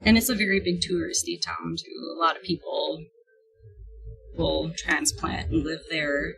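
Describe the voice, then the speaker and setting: A woman's voice: sits low, a little slow, creaky, a bit bright, soft background music. A woman from Duluth, Minnesota, with a Minnesota accent, chatting casually as a passenger and laughing often. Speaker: passenger guest. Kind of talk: casual chat. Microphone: in a car.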